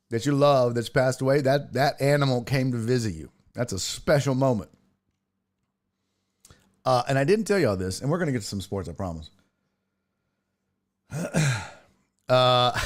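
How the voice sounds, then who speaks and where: Rambling, profane man hosting a sports show. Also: mid-range voice. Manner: rambling, profane, laughs while telling stories. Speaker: sports podcast host. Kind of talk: casual livestream chat.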